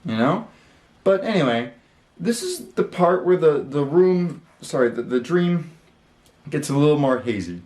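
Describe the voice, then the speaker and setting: A man's voice: a little high, very animated, measured pace, a little mellow, reverberant. A man hosting his channel, telling a story in a casual, rambling way, with lots of fillers and the odd swear word. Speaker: channel host. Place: his room.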